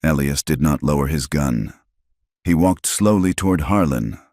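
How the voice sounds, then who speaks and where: A man narrating a story in a very deep, low voice. His delivery is steady and dramatic. The recording is dry and close. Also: moderate pace, no room sound. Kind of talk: scripted narration.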